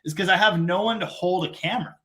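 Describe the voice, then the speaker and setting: A man's voice: high voice, fast talker, sharp tone. A middle-aged man from Canada hosting a casual live stream, rambling and self-deprecating in long run-on sentences.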